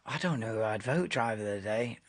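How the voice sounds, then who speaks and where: A man's voice: on the low side, lively intonation, fairly quick. Chatty man hosting a race stream. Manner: chatty, laid-back, talking over the live broadcast. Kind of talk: casual live-stream chat.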